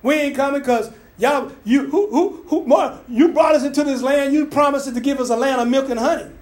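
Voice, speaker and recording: A man's voice: very high voice, a little fast, pitched above the performer's own voice. An older man voicing a grumbling, whining crowd of desert wanderers as he retells a Bible story. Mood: indignant. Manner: complaining, plaintive, repeating itself.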